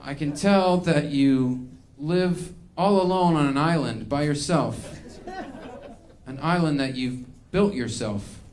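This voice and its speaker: A man voicing a calm, soft-spoken hippie male acupuncturist in a stand-up bit. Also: a little high, slow. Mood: soothing.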